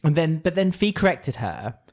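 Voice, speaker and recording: A man's voice: on the high side, sing-song, normal speed. A man co-hosting a podcast, chatting animatedly, laughing often and acting out quotes. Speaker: podcast co-host. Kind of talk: casual chat.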